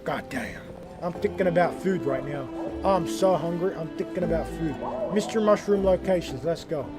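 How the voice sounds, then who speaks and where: A young man streaming a game, chatting casually and rambling, often getting worked up and loud. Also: a little high, normal speed. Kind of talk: casual livestream gaming chat. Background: game music.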